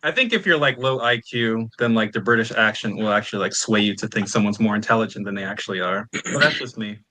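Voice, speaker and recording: A man talks on a casual reaction panel, hesitating and leaning on filler words. His voice sounds bright and tense. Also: fairly low pitch, quick pace. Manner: hesitant, lots of "like".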